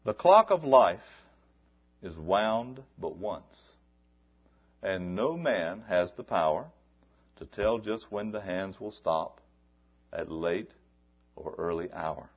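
A low-voiced man preaching a fiery sermon, slipping from hushed, dropped asides into loud shouted appeals. He presses his point with repeated rhetorical questions. The recording is dull and lo-fi. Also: slow, long pauses, breathy edge. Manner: swings from low murmurs to loud shouted exhortation.

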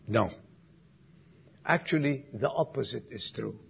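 A man preaching a sermon to his congregation, swinging from emphatic lines to soft, quiet asides and putting questions to the listeners. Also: medium pitch, animated, measured pace, creaky, husky, muffled recording. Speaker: pastor.

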